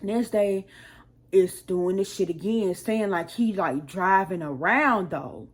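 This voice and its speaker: A woman's voice: mid-range voice, takes it slowly. A woman hosting her own channel, telling a rambling storytime full of profanity and acting out her heated arguments. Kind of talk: casual storytime monologue.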